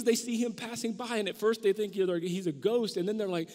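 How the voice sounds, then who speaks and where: A high-pitched, carrying male voice delivers a sermon a little fast, with hardly any pauses, as the church sanctuary trails a long reverb after each line. The pastor preaches animatedly and voices the disciples with raised excitement.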